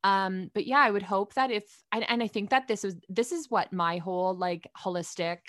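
A woman's voice: mid-range voice, moderate pace, a bit bright, no room sound. Bubbly woman podcast host, dry sound. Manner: bubbly, upbeat, asks lots of questions. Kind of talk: casual chat.

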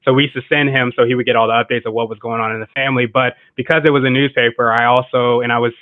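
A man joins the interview over a tinny, phone-like remote line, his voice dry with no room around it. He talks in a relaxed, rambling way, full of "um" and "like", at an ordinary mid pitch. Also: rapid-fire, no echo. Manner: relaxed, frequent fillers like "like" and "um". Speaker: guest entrepreneur. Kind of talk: casual interview chat. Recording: tinny remote call audio.

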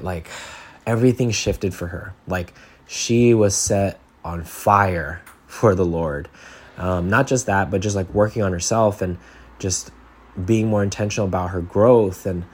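A man's voice: fairly low pitch, a little mellow, breathy edge. A man hosting a podcast, talking in a casual, earnest monologue with lots of restarts and filler words. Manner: earnest, rambling with frequent "like" and restarts. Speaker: podcast host.

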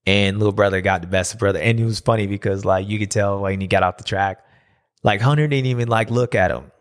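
A man who once raced, hosting a casual race recap, talking loosely and slipping into high mocking voices when he quotes riders. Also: fast. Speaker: podcast host and former racer.

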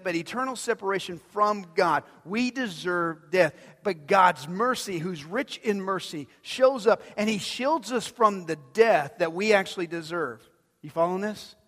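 High-voiced preacher in a reverberant hall. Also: male voice. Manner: conversational, asks the audience questions; swings from loud emphasis to soft low passages. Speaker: pastor. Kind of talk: sermon.

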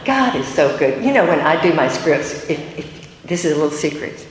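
Older lady sharing her testimony, earnest, kinda emotional, low voice, roomy echo. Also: very animated, moderate pace. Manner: earnest and emotional, with self-deprecating asides. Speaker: speaker giving a testimony. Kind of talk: testimony talk to a women's gathering. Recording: echoey hall with faint room noise.

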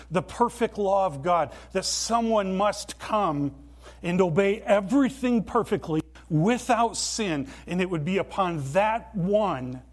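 A man preaching a sermon in a church, earnest and emphatic, with deliberate pauses. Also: high voice. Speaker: pastor.

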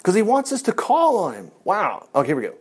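A man's voice: high-pitched, fast, husky. A man leading an informal Bible study, folksy and chuckling as he talks. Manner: folksy, animated, chuckles often. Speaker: Bible teacher.

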